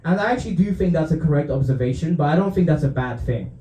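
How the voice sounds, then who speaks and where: Working a comedy club crowd, a young stand-up from Romania talks fast with lively, up-and-down intonation in a warm, mellow voice on the high side. He laughs often at his own jokes and adds dry asides, and his stage mic picks up echo from the room.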